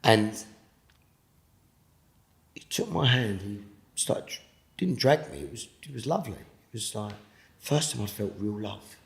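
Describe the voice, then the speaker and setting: Gravelly British man telling his testimony. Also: fairly low pitch, animated, echoey room. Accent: British English. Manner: halting, repeats words, drops to a hush at intense moments. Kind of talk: emotional personal testimony.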